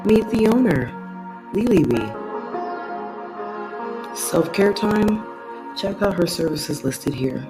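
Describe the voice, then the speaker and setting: An unhurried voice-over reading a spa advertisement as a numbered list. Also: medium pitch, animated. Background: loud music.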